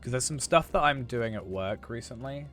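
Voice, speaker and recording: A young man streaming a game, chatting casually in a rambling way full of fillers and restarts, a bit hoarse. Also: mid-range voice, animated, normal speed, fairly bright tone, faint music behind. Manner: rambling, filler-heavy, self-correcting. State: hoarse after losing his voice. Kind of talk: casual chat while gaming.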